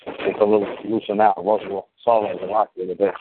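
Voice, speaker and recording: A man's voice: on the low side, little pitch movement, racing. A man in his fifties giving advice on a casual phone call, blunt, profane and emphatic. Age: 50s. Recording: tinny phone line with faint hiss.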